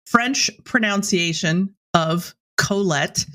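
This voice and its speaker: A woman in her thirties co-hosting a podcast, chatting in an animated, self-mocking, giggly way. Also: fairly low pitch, takes it slowly. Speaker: podcast co-host. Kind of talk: casual chat.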